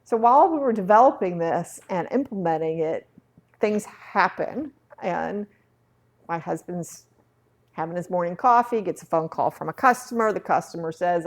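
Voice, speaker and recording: A woman leading a real estate software training session, chatty and acting out little dialogues from her anecdotes. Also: on the low side, expressive, moderate pace.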